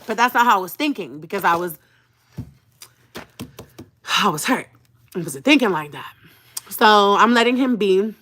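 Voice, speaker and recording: A woman vlogger telling a personal story to her live viewers, dramatic and animated, punctuating lines with an emphatic "okay?" and calling them sis. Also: mid-range voice, fairly quick, long pauses. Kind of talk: emotional personal storytime chat.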